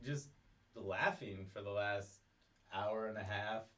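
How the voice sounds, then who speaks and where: A man's voice: lowish voice, slow pace, fairly bright tone. A man hosting a casual podcast in a studio, talking in a loose, profane, joking way. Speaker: host.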